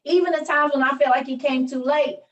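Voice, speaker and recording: A woman with a high voice preaches over a video call. She is fervent and rhythmic, and she drives her points home by repeating phrases. She sounds roomy and set back from the mic. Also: fairly even intonation, a little fast, far from the mic, highs cut off. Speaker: meeting leader.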